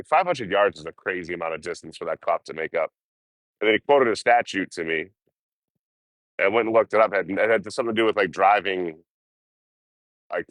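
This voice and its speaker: A man with a very low voice tells road stories on a livestream, swearing freely and talking with animated energy. The sound is dry and close, with hardly any room echo. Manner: profane, animated storytelling. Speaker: hitchhiking livestreamer. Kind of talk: casual storytelling on a livestream.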